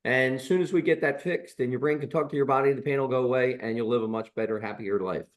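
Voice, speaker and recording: A man's voice: mid-range voice, fast, natural voice. A man voicing a middle-aged male chiropractor who patiently repeats the same explanation. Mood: explaining. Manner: repetitive, explanatory.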